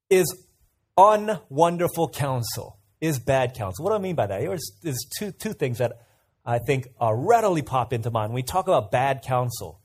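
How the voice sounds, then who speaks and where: A man preaching a sermon in a conversational way, asking listeners questions and telling stories. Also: on the high side. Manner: conversational, asks the audience questions, tells anecdotes.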